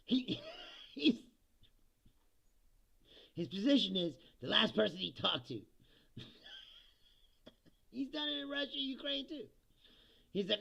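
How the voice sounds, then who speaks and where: A high, gravelly man rants on a livestream, swearing freely, laughing at his own jabs and mimicking what others said. His voice is bright and pushed, swinging widely in pitch. The sound is dull and lo-fi, like cheap stream audio. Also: very animated, normal speed, long pauses. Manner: profane, mocking, laughs often, mimics quotes. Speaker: livestream host. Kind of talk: political rant on a livestream.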